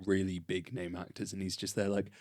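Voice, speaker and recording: Man, podcast co-host, lowish voice, dry close mic, chatty with side remarks. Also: level tone, a little fast, a little mellow, dry recording. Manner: chatty, jumps in with side thoughts. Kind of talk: casual film chat.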